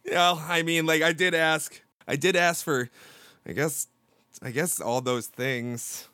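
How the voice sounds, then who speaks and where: A man's voice: a little high, steady tone, slow, bright, forceful tone, clear, resonant tone, dry recording. A man hosting a podcast, playful and teasing, slipping into theatrical bits. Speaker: podcast host. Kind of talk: casual podcast chat.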